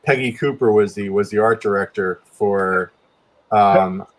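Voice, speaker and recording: A man's voice: measured pace, slight background noise. Rambling American man telling a story. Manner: rambling, many restarts, pitch jumps up when quoting himself. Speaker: guest artist telling a story. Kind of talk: casual storytelling chat.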